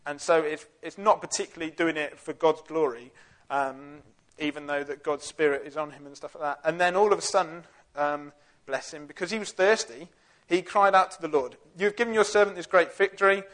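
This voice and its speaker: A man's voice: a little high, normal speed, a bit bright. A young man giving a casual, jokey Bible talk full of fillers and slang. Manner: chatty, jokey, with lots of fillers. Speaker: youth Bible teacher.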